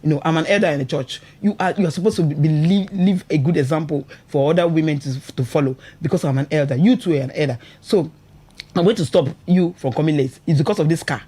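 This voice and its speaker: A woman with a Nigerian English accent hosts a radio show from the studio, talking about marriage in a low, fast, husky voice. She's animated and full of emotion, laughs often, and keeps asking "you understand?"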